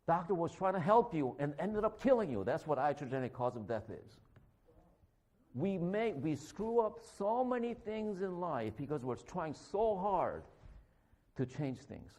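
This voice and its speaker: A man who is a physician, giving a conversational sermon in a church, animated and joking as he acts out confrontations. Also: on the high side, unhurried. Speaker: guest preacher, physician.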